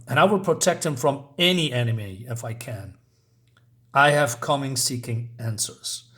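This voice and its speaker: Man reading a dutiful ex-chieftain, formal and slow, a little high. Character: defeated male tribal chieftain, proud and dutiful.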